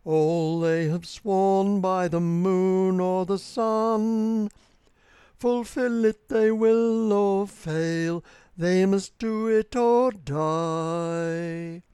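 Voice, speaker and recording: A reader reciting a rhyming verse tale in a lilting, rhythmic, unhurried manner. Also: medium pitch, steady tone, dark tone, clear, resonant tone, no room sound, studio quality.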